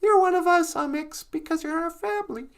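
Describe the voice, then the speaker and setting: A woman voicing a protective vampire big sister, speaking softly and slowly to reassure. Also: sits high. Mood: tender.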